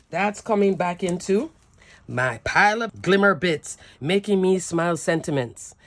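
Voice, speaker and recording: A woman's voice: on the low side, animated, a little slow. A woman hosting a papercraft channel, chatting casually and gushing with giggles as she shows off her handmade cards. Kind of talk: casual show-and-tell craft chat.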